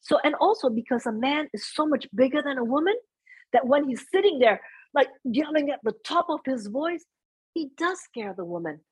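A woman guesting on a casual podcast conversation, talking in a lively, earnest way with pitch that jumps up when she stresses a point. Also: normal speed, no echo, poor audio. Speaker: guest, stage emcee.

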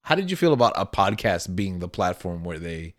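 A man's voice: sits low, sing-song, brisk. A man hosting a casual podcast, steering a chatty group back on topic with some exasperation. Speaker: podcast host.

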